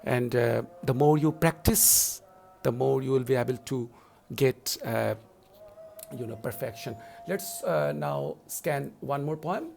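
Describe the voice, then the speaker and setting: A middle-aged man lecturing on English poetry in a recorded online class, explaining slowly and deliberately. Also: mid-range voice, creaky, faint music behind. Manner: slow deliberate explaining, loud stressed verse recitation.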